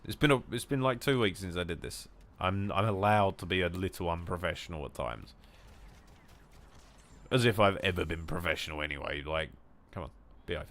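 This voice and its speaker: Low, lively-voiced English gamer. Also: male voice. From England. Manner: jokey, rambling, sweary, swings to loud mock-German shouts. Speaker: gaming streamer. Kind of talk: casual chat while gaming.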